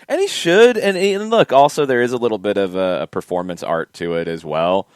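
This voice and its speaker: A man co-hosting a casual soccer podcast, emphatic and opinionated, quick to push back. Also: on the low side, clean tone, no echo, clean studio sound. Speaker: podcast co-host. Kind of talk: casual sports talk.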